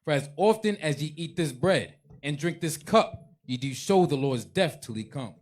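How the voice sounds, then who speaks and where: A man reading scripture aloud in a measured, formal way, ending in prayer. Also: fairly high pitch, animated, a little mellow. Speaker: scripture reader.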